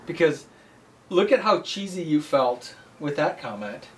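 A woman's voice: low voice, very animated, unhurried, distant mic, slight background noise. A woman co-hosting a casual business chat, talking in a candid, emphatic, self-deprecating way. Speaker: co-host.

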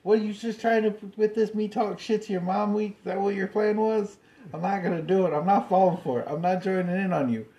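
Podcast guy, kinda high voice, laughs a lot and teases his cohost, swears. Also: brisk, dark tone. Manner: laughing, teasing reactions, swears. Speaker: podcast co-host. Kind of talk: casual podcast banter.

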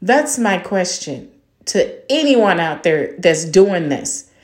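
A woman's voice: on the low side, sing-song, slow, a little mellow. Angry grandmother ranting in a roomy space. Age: older. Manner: heated, blunt, swearing, rhetorical questions. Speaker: podcast host. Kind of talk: angry monologue rant. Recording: roomy echo.

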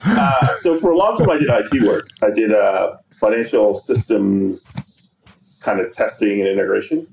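A man from the United States chats easily about his work as a podcast guest, wry and unhurried. His voice sits low, and the room gives it a noticeable echo. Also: animated, vocal fry, background noise. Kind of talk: casual chat.

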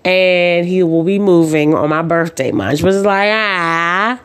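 Podcast host, woman with a deep speaking voice; chatty storyteller who acts out dialogue, many ums and uhs. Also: a little slow. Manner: says "um" and "uh" often. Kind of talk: casual chat.

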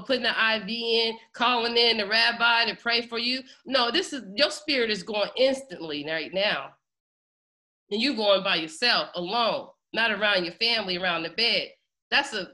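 A woman delivers an impassioned sermon as host of a congregation, pleading and close to tears. Her voice is bright and forceful, pitched a little high. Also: normal speed. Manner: fervent, pleading, emotional. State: near tears. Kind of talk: impassioned preaching.

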